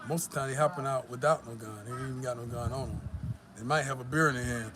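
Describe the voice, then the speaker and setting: A man's voice: medium pitch, steady tone, very fast, music in the background. A man vlogging casually outdoors, tired after the gym, telling stories in a loose, profane way. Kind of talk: casual vlog talk. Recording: loud traffic and street noise.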